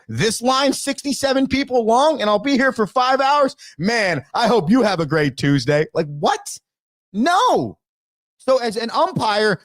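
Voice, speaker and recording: Host-coach, high and lively, emphatic rant, dry close mic. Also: male voice, dry recording. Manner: emphatic, exasperated, ranting. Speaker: baseball coach and show host. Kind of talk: casual sports commentary rant.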